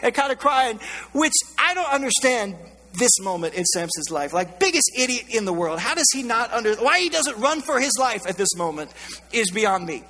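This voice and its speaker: A man's voice: high-pitched, sing-song, normal speed, pushed and bright, big-room sound. A male pastor preaching a sermon in a conversational, joking way, telling the story with animation.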